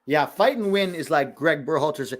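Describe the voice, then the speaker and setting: A man's voice: on the high side, lively intonation, moderate pace. An American man hosting a live match watch-along, chatting casually with a sarcastic, riffing manner between reactions to the game.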